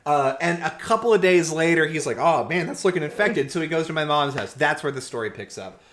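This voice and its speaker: Animated man telling a story on a podcast. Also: on the high side, fairly quick. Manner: animated, acts out quoted people, swears often. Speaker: podcast co-host. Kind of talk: casual storytelling chat. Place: room, recorded in person.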